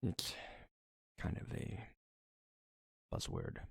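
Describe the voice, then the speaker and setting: A man's voice: extremely low pitch, wildly swooping pitch, extremely slow, gravelly, slightly rough, no room sound, clean studio sound. A man narrating as game master, talking loosely with many fillers and restarts.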